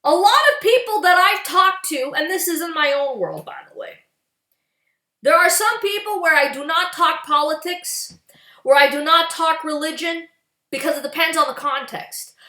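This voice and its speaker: Furious profane woman ranting, high voice. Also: normal speed, bright, forceful tone, roomy sound. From Canada. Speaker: political vlogger. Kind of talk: angry political rant.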